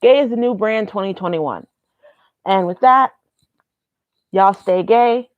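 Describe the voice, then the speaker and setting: A woman's voice: mid-range voice, measured pace, no room sound, phone-quality sound. A young woman vlogging casually, rambling and candid, swearing freely. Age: young adult. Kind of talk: casual vlog monologue.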